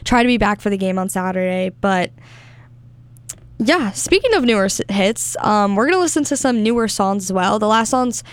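A young woman DJ chats her way through a college radio music segment, meandering with fillers. Her voice is smooth and clear despite a slight hoarseness from a cold. The studio sound is dry and close. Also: medium pitch, animated, moderate pace, no room sound. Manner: chatty, rambling with fillers. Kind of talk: casual radio show talk.

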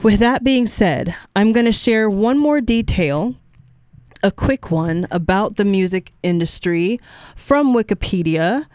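A woman's voice: mid-range voice, animated, measured pace, darkish tone, no echo, studio quality. A middle-aged woman hosting a radio music show, talking casually between songs in a chatty, encouraging way that sometimes wanders off track. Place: radio studio. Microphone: studio microphone.

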